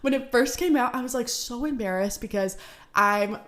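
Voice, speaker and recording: A woman's voice: on the high side, normal speed, fairly bright tone. Woman, 20s, from Seattle, podcast host, casual storyteller, upbeat and chatty. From Seattle, United States.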